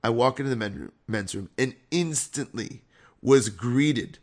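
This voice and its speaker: A man, a rabbi, telling a story in a lively, conversational sermon. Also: mid-range voice, measured pace.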